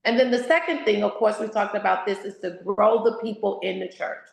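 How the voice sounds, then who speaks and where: A woman's voice: mid-range voice, fairly quick, vocal fry, reverberant, low-quality recording. A woman author and speaker giving an interview, exhorting in an emphatic, sermon-like way. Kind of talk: candid interview, preacherly.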